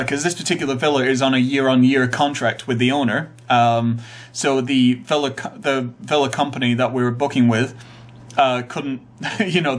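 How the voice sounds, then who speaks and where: Rambling man chatting on a home vlog. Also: medium pitch. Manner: rambling, full of uh and um. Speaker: vlogger. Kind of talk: casual chat.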